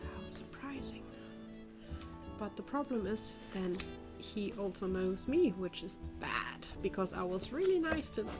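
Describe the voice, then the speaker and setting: A woman's voice: mid-range voice, very animated, normal speed, over music. A woman player in a tabletop role-play, wry and laughing, thinking aloud about her character's moves.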